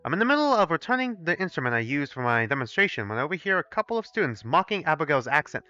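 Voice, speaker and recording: Animated, profane young man streaming a game. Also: fairly high pitch, rapid-fire, no echo, lo-fi sound. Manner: animated, profane, talks to chat. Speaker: gaming streamer. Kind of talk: live let's play, reading aloud and commenting.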